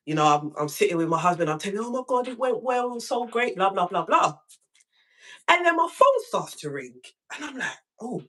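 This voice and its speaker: Animated woman hosting a live stream. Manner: animated storytelling, acts out quotes with big pitch jumps. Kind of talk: casual live-stream chat.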